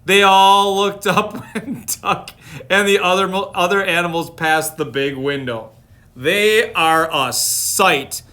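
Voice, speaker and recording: High-voiced man reading a storybook. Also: takes it slowly, pushed and bright. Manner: playful, chatty asides to viewers. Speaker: storytime reader. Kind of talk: reading a picture book aloud on a live stream.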